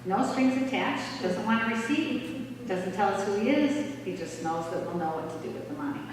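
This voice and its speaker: A woman's voice: mid-range voice, moderate pace, slight background noise. Woman telling a story in an echoey hall. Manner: lively storyteller acting out quotes. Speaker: author giving a church talk. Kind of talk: storytelling talk. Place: church hall. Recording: echoey church hall, distant mic.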